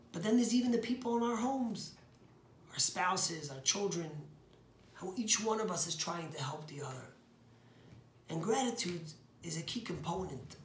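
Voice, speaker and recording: A man's voice: fairly high pitch, a bit bright, reverberant, slight background noise. A man giving a short inspirational sermon as a rabbi, telling stories earnestly and stressing key words.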